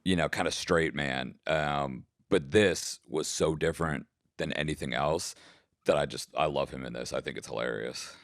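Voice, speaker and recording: A man co-hosting a film podcast in casual chat, building his points slowly with lots of "like". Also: extremely low pitch, no room sound, clean studio sound. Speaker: podcast co-host.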